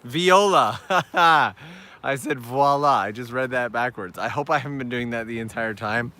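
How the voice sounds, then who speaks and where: An upbeat man chatting casually to his viewers while he walks outdoors. His voice sits at an ordinary middle pitch. He is climbing hillside steps as he talks, and the talk keeps moving. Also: normal speed, bright, forceful tone. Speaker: travel vlogger hosting a live stream. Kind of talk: casual live-stream chat while walking.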